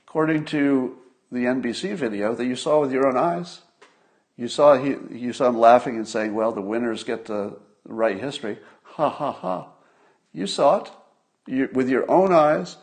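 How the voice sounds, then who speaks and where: An older man talks straight to his viewers in a solo commentary, his voice sitting at an ordinary middle pitch. He sounds conversational and a little musing, circling back over his points and throwing out rhetorical questions. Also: a little mellow. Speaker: host of a commentary stream.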